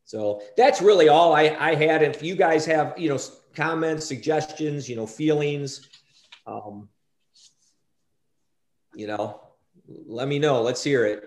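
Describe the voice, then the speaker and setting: A man giving a school superintendent's report at a board meeting, halting and often restarting his sentences. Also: a little high, a little mellow, roomy sound.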